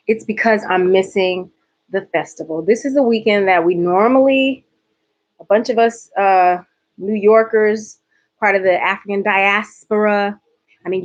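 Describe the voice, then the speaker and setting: A woman's voice: mid-range voice, highs cut off. A woman from Georgia with a light Southern accent, chatting playfully with her viewers in a casual livestream. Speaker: host.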